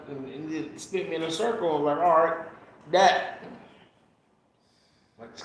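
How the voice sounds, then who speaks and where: A man's voice: fairly high pitch, measured pace, long pauses, a little hiss or hum. A man co-hosting a podcast, telling stories in casual chat and acting out quoted lines with frequent laughter. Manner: animated storytelling, acts out quotes, laughs often. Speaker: podcast co-host. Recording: very echoey room.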